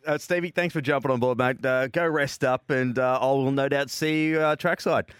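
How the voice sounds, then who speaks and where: A relaxed Australian man co-hosts a motorsport radio show and reads sponsor messages without a hitch. His pitch is middling, and the sound is dry and close to the microphone. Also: moderate pace, no room sound. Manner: relaxed, laughs easily, reads sponsor lines smoothly.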